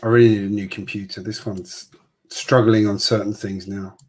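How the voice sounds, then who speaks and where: A man's voice: fairly low pitch, level tone, moderate pace. A man with an Australian accent hosting a live building stream, chatting casually and rambling with filler words.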